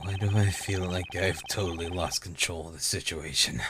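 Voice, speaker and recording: A man's voice: low-pitched, fairly even intonation, moderate pace, background noise. A man hosting a let's play, chatting in a playful, joking way. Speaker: host. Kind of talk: casual let's-play chat.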